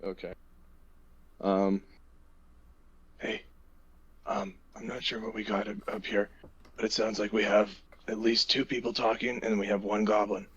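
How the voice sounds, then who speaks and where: A man's voice: on the low side, measured pace, pauses often, a bit bright, slightly rough. A man playing in a tabletop game, talking hesitantly and repeating words while he plans. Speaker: player. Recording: dull lo-fi voice chat audio.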